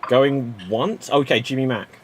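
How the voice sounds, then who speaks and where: A man's voice: mid-range voice, steady tone, a little slow, slight background noise. A man hosting an improv comedy game, upbeat and calling on players by name. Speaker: improv host.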